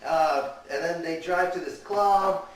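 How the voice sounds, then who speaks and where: A man's voice: fairly high pitch, slow pace. Rambling young man in an echoey room. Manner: meandering, full of "and then" and "he's like". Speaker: amateur movie reviewer. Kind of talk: rambling casual plot recap. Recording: echoey room, mic far off, faint hiss.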